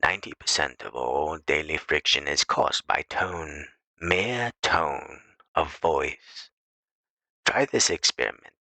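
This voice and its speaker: Very deep, gravelly male audiobook reader. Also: expressive, sharp tone, no echo, poor audio. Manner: measured, deliberate reading. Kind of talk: audiobook narration of an essay.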